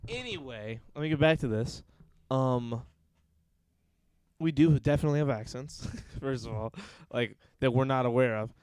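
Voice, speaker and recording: A man with a Southern US accent rambles through a loose podcast conversation, animated and quick to laugh. His voice is smooth and resonant. The sound is dry and close, with no room echo. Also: mid-range voice. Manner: animated storyteller, laughing often. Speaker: podcast host. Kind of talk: casual podcast chat on a live stream.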